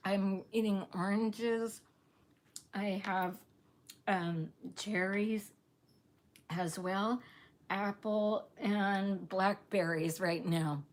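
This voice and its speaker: A woman's voice: mid-range voice, fairly even intonation, drawn-out words, pauses often. A woman hosting a casual live stream, bubbly and gushing, laughing often as she chats with viewers. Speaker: livestream host.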